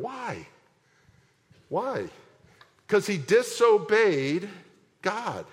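A male pastor delivers a sermon in a large church, his fairly high voice trailing into a long hall reverb. He retells the story with animated energy, firing rhetorical questions at the congregation.

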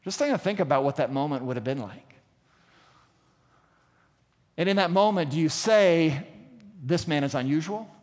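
A man's voice: fairly high pitch, lively intonation, normal speed, long pauses, a little mellow. Preaching man in a reverberant hall. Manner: preaching with dramatic retellings and rhetorical questions. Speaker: pastor. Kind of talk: sermon.

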